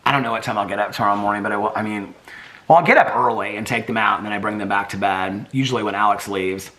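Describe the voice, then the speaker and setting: A man's voice: on the low side, fast, pushed and bright. A man vlogging at home in a casual, rambling chat. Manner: chatty, rambling, baby-talks to his dogs.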